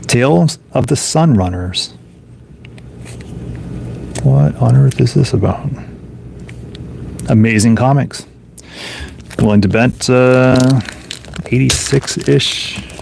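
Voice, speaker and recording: A man's voice: mid-range voice, slow pace, gravelly, pauses often, darkish tone, a little hiss or hum. A man casually thinking aloud as he flips through and reviews old comic books, offhand and musing. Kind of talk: casual solo commentary.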